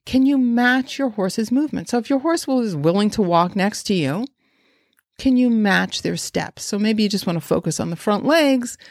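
Woman, horse trainer, middle pitch, rambling teaching talk, dry close recording. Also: expressive, normal speed, no echo. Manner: rambling, restarts often, asks listeners many questions. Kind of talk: instructional talk.

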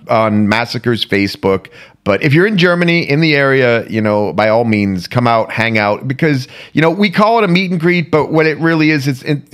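A man co-hosting a podcast in loose casual chat, rambling and repeating himself. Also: medium pitch. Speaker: podcast co-host.

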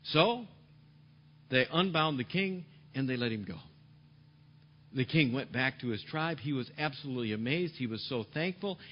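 A man's voice: mid-range voice, lively intonation, moderate pace. Emphatic preacher man, dull lo-fi sound. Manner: emphatic, repeats key phrases, drops to soft tones. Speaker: pastor. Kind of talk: sermon.

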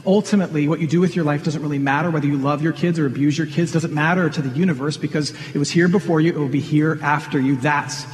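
Pastor, male, slightly high voice, earnest conversational sermon, long hall reverb. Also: fairly even intonation, fast, few pauses. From Michigan. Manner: earnest, conversational preaching with rhetorical questions.

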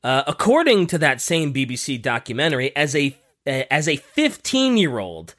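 Animated podcast storyteller, lots of ums. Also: male voice, on the high side, normal speed. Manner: lively, animated storytelling with frequent fillers. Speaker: podcast host.

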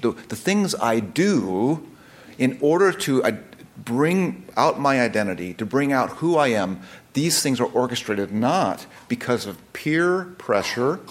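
A man preaching a sermon that explains scripture in a conversational way, with frequent restarts and asides. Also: medium pitch.

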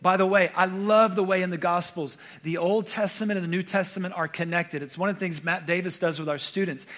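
A man's voice: sits high, steady tone, fairly quick, a bit bright. A male pastor preaching a sermon in a conversational way, often checking in with the congregation with questions. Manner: frequent fillers and restarts.

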